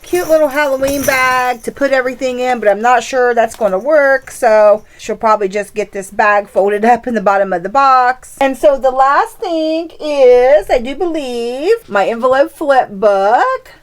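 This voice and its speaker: A woman's voice: sits high, a little slow, few pauses. A woman hosting her craft channel, chatting casually and gushing over the crafts and gifts she shows. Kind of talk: casual craft show-and-tell.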